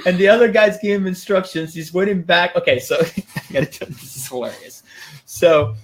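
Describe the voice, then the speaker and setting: Man retelling a story, animated. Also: high-pitched, brisk. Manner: animated storytelling, laughing often. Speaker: podcast co-host. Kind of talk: casual chat.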